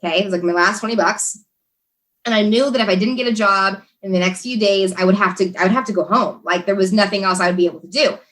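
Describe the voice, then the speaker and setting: A woman's voice: mid-range voice, fast talker, fairly bright tone. A young American woman, a podcast guest, telling a story in casual chat, laughing often and talking with many fillers and restarts. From USA.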